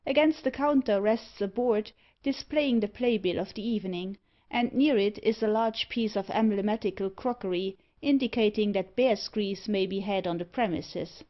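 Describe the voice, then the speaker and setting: A woman reading a gothic novel aloud in measured storytelling narration, recorded with a dull lo-fi sound. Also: mid-range voice. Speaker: audiobook narrator. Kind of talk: scripted narration.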